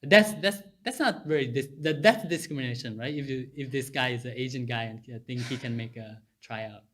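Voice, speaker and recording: A man who is a podcast guest, telling stories in halting non-native English with many restarts and fillers, laughing as he talks. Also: medium pitch, a bit bright. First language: Japanese or Thai. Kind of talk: casual conversation.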